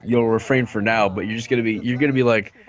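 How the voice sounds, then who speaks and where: A man's voice: on the low side, fairly even intonation, fast talker, highs cut off, crowd noise. A man casting a live esports match, joking around and laughing between play-by-play calls. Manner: jokey, rambling, laughs often. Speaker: esports caster.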